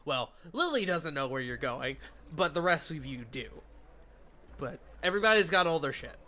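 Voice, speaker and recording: A man running a tabletop game as game master, narrating scenes in a casual, animated way with swearing. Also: fairly high pitch, normal speed.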